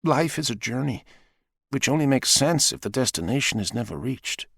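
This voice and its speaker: A man voicing a slow, high female robot. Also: animated, gravelly, a bit bright, breathy edge, no echo, clean studio sound, heavily acted. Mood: weary, resigned. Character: female robot, calm, fading, philosophical. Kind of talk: audiobook character voice.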